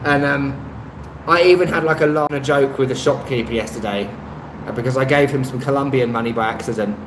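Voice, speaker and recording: A man's voice: mid-range voice, fairly even intonation, fairly quick. An Englishman hosting a casual live stream and reading out viewer comments. He rambles, hesitates often with "um," and laughs lightly between remarks. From England. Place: indoor room, street traffic outside. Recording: echoey room with faint street noise.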